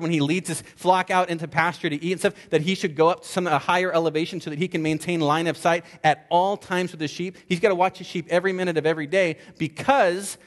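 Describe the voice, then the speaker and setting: High-voiced man preaching a sermon. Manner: conversational, emphatic with repeated words and restarts. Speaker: pastor.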